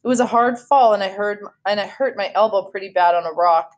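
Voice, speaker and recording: A woman reading a children's novel aloud in a steady storytelling voice, now and then correcting herself. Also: medium pitch, a little fast, lo-fi sound. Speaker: read-aloud host.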